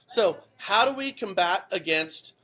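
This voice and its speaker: A man's voice: sits high, lively intonation, a little slow, pushed and bright. A man hosting a podcast, giving blunt, emphatic commentary that swears freely and keeps checking in with the listener. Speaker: podcast host.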